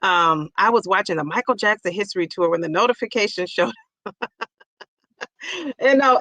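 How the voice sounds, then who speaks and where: Bright-voiced chatty woman in her fifties. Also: medium pitch, dry recording, poor audio. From Ohio. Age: 50s. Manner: chatty and effusive, greets viewers with loud bursts. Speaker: livestream host reading chat. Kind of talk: casual live chat.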